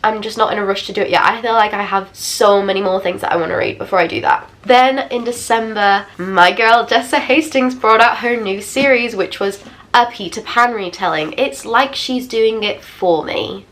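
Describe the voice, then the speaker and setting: A woman's voice: medium pitch, moderate pace. A young woman in her twenties, chatting casually and expressively as she reviews books for her vlog. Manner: chatty, expressive, self-deprecating asides. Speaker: book vlogger. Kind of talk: casual book review chat.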